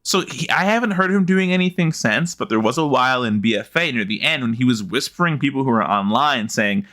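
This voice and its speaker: A man co-hosting a casual gaming podcast from home, excitable, often gasping and laughing. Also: medium pitch, brisk. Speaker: podcast co-host. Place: home, sitting beside co-host.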